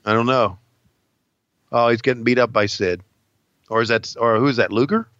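A man's voice: mid-range voice, normal speed, a bit bright, no room sound, highs cut off. A man cohosting a podcast, chatting casually, swearing a lot and laughing easily. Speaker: podcast co-host. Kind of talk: casual profane chat.

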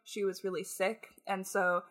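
A woman's voice: mid-range voice, flat delivery, unhurried, a bit bright. A young woman co-hosting a podcast, teasing her co-host with playful banter and laughter. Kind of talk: casual chat.

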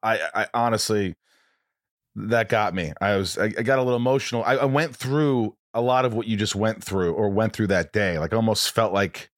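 Male podcast host, low voice, earnest and halting, dry close sound. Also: fairly even intonation, no echo. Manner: earnest, halting, with many restarts. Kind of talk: casual chat.

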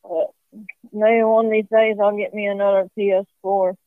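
A woman's voice: mid-range voice, little pitch movement, normal speed, dry recording. A woman calling in to a radio show, chatting casually and unhurriedly, often restarting her sentences. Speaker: caller. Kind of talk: casual phone chat. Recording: tinny phone line.

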